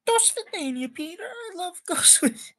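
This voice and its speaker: A man voicing a tender mother bidding her son goodbye, in a high strained falsetto. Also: expressive, normal speed, fairly bright tone.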